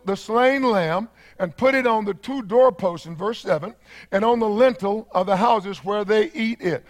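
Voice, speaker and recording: A high-voiced man with a Texan accent preaches a sermon as a pastor. He talks fervently, repeats his key phrases, and builds toward shouted climaxes.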